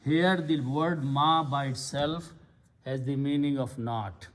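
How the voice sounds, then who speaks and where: A man's voice: on the high side, slow. A man giving a patient, step-by-step lecture on Arabic grammar and vocabulary. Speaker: Quran Arabic teacher. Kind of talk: slow explanatory lecture.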